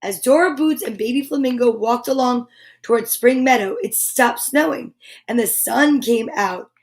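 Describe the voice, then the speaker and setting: A woman reading a children's picture book aloud, animated and chatty, breaking off for little asides to her listeners. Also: a little high, normal speed.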